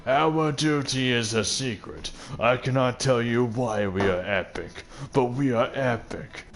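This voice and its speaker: A man putting on the voice of a pompous, self-important old scholar, speaking slowly and grandly as a mockery. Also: mid-range voice, pitched above the performer's own voice, lightly acted. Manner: slow, grandiose, mocking.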